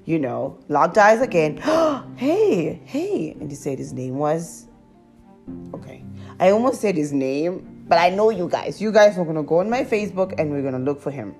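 A woman telling her viewers a confessional story in a chatty, animated way, laughing as she goes. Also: normal speed, soft background music. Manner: laughs often and breaks into high squeals. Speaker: vlogger.

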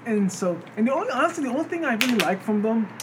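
A man's voice: very high-pitched, big pitch swings, very fast. A man co-hosting a casual podcast, telling stories and bantering with a laugh. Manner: storytelling banter, laughs along. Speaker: podcast co-host. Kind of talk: casual chat. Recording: noisy background.

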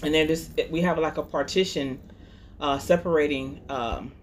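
A woman's voice: low-pitched, fairly even intonation, normal speed, a little hiss or hum. A woman who is a marriage coach telling a personal story in a conversational, hesitant way at a church workshop. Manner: conversational, hesitant with fillers and restarts.

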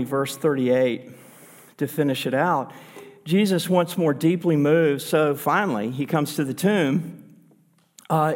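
A man's voice: fairly high pitch, in a large hall. A man pastor preaching a sermon in an earnest, conversational way, pushing his voice up for emphasis.

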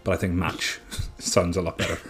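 Deep-voiced guy on a movie podcast, laid back, cracks jokes, laughs a lot. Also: level tone, moderate pace, soft background music. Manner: easygoing, jokey, laughs often. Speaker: podcast co-host. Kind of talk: casual chat.

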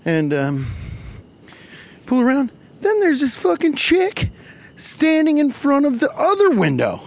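A man with a high, lively voice tells a stand-up story, swearing and getting worked up. He keeps slipping into little voices for the people he quotes, with his pitch jumping up and down as he goes. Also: measured pace, vocal fry. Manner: profane, exasperated, acts out the characters he quotes. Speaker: comedian.

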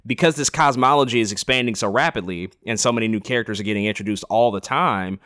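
A lower-pitched man talks through a TV episode in a relaxed podcast chat. He is enthusiastic, backtracks often, and fills pauses with "like" and "um". The sound is dry and close, with little room echo. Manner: enthusiastic, many fillers and restarts. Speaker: podcast co-host. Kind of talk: casual discussion of a TV episode.

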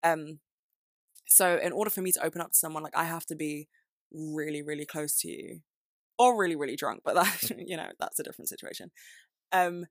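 A woman's voice: deep voice, brisk, no room sound, clean studio sound. A young woman hosting her own podcast, talking candidly and rambling, with self-deprecating asides and frequent laughs. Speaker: podcast host. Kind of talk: casual solo podcast chat.

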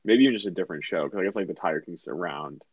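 A man with a lowish voice talks fast, firing off curious questions packed with fillers as he co-hosts a casual podcast. His remote audio sounds dull and muffled but dry. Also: slightly rough, no echo. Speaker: podcast co-host. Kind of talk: casual chat. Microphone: remote call.

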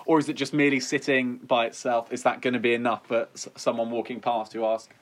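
A man's voice: mid-range voice, little pitch movement, fast talker. A man co-hosting a comedy podcast, chatting casually and playfully spinning absurd hypotheticals. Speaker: podcast co-host.

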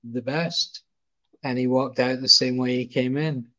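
A middle-aged man with a Scottish accent tells a long anecdote in a loose, chatty way. He stumbles, repeats words and circles back as he goes, at a medium pitch. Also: flat delivery, moderate pace, pushed and bright. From Scotland. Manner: rambling, repeats words and restarts often. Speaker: guest, photographer. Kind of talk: casual anecdote storytelling.

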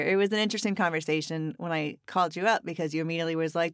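A woman's voice: low voice, fairly even intonation, racing, clean tone, dry recording, clean studio sound. A woman hosting a casual podcast, chatty and playful, joking and laughing easily with her co-host.

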